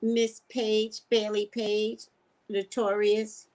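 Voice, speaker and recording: An older woman hosting a casual live stream, chatting with viewers and greeting them by name in sudden high squeals. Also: animated, unhurried, long pauses. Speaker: live-stream psychic host.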